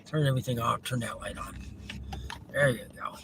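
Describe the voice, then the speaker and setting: A man's voice: medium pitch, moderate pace, vocal fry. A man hosting a live driving vlog, rambling and chuckling as he thinks aloud from inside a moving car. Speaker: vlog host. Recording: road noise from a car.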